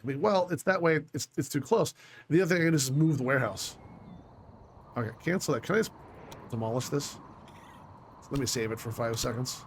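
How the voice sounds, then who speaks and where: A man's voice: on the high side, quick pace, a little hiss or hum. A man playing a video game who thinks aloud as he plans, talking to himself in a casual, scattered way, frustrated and swearing a little. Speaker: let's play gamer. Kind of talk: casual gameplay commentary.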